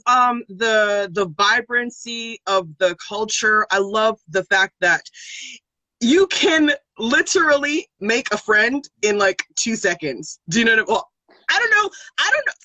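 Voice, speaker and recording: An animated young American woman with a New York accent, her pitch leaping around as she tells stories and laughs often. Her voice is bright and forceful, with a set-high pitch, and the sound is dry and close. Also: dry recording, low-quality recording. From born in New York, raised partly in Trinidad and Tobago. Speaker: interview guest, singer and rapper. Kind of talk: casual interview chat.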